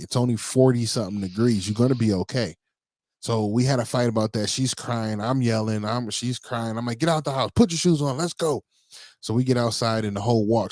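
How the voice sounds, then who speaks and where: A man co-hosting a podcast, telling parenting stories in a relaxed, rambling way full of fillers. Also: lowish voice, no room sound. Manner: relaxed storytelling with many fillers. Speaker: podcast co-host. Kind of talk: casual chat.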